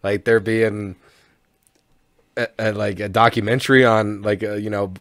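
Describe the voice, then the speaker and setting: A man's voice: on the low side, little pitch movement, unhurried, no room sound. A man co-hosting a podcast in a casual chat, rambling and laughing often with frequent restarts, recorded in a studio. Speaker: podcast co-host.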